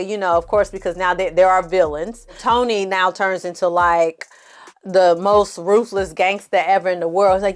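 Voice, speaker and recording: A woman hosting a film review gives a casual, blunt movie recap in a medium-pitched voice with fairly even intonation and moderate pace. She swears often, tosses in exasperated asides, and acts out the characters' lines.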